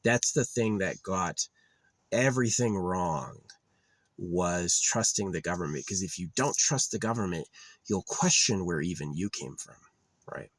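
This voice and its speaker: A man's voice: low voice, animated, unhurried, dry recording. A young man vlogging in a rambling, digressive monologue that drifts into rants, full of fillers.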